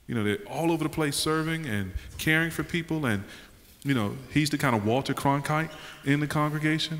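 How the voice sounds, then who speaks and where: A man on a conference panel with a bright, forceful voice, telling a story earnestly and with emphasis. His voice rings through a large hall with a long reverb tail. He speaks at a middle pitch.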